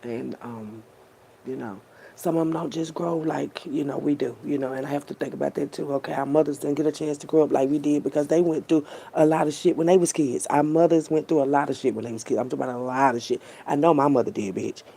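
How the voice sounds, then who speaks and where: A woman vlogger speaks straight to her audience in a heartfelt, rambling monologue, full of slang, swearing and repeated phrases. Her voice is mellow and dark, with a gravelly fry and a husky edge. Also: sits low, steady tone. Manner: repetitive, slangy and profane, addressing viewers directly; heartfelt, often pausing to collect herself. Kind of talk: emotional unscripted monologue to viewers.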